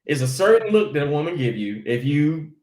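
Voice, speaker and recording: A man, a comedian, telling stories in a lively casual chat and acting out quotes as he goes. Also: a little high, fairly quick, roomy sound, a loud crowd. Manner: animated storytelling with acted quotes. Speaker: guest comedian.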